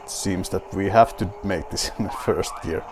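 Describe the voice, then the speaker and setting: With background noise behind him, a Finnish-accented man with a low voice plays a rally game at a moderate pace, drinking beer as he goes. The gaming video host talks to himself in a wry, mock-grand way.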